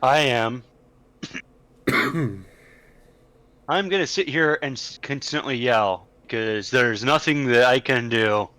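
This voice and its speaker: A man at a tabletop game explaining his move, clearing his throat often. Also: mid-range voice, slow pace, long pauses, bright, forceful tone. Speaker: player. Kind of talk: casual chat in a tabletop game.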